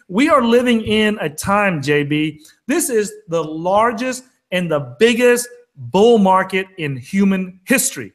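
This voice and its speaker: High-voiced fired-up man ranting. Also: a bit bright. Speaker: co-host of a crypto trading show. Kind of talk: casual chat.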